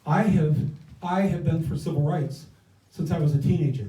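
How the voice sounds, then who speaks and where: A man's voice: a little high, moderate pace, hardly any pauses, mellow. An older man giving an impassioned campaign speech at an indoor event, hammering points home with repeated phrases. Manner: impassioned, rousing, repetitive cadences. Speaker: campaign guest speaker. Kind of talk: stump speech. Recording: echoey room, mic from far off.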